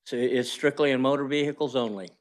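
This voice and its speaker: A man presenting a bill at a legislative hearing, speaking slowly and plainly in a committee room. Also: mid-range voice. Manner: slow, plain-spoken. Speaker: bill sponsor. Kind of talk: testifying at a hearing.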